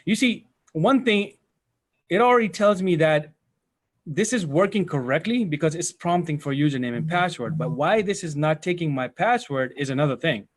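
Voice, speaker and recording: A man's voice: fairly high pitch, expressive, normal speed. A man teaching a live IT training session, talking casually to his students, often rambling and correcting himself mid-sentence. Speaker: IT instructor. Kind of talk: live software training walkthrough.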